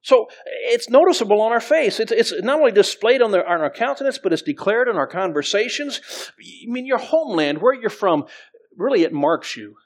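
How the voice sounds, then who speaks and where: A man's voice: high voice, animated, a little fast. A middle-aged man preaching as pastor, conversational, with frequent restarts and scripture readings. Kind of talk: sermon.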